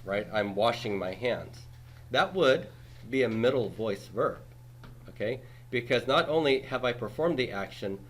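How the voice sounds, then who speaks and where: A man's voice: mid-range voice, a little hiss or hum. A man in his forties teaching a Greek grammar class, patiently explaining and checking in with students with "okay?" and "right?". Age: 40s. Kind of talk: classroom lecture.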